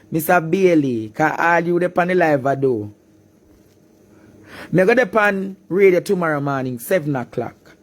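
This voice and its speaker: A man with a Jamaican accent ranting in a live-stream monologue, breaking into shouts and sing-song cries. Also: fairly high pitch.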